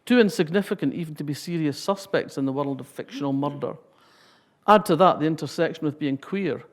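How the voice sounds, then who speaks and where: A woman's voice: deep voice, fairly quick. A Scottish woman in her sixties giving a public talk, reading a passage and then telling wry, humorous anecdotes.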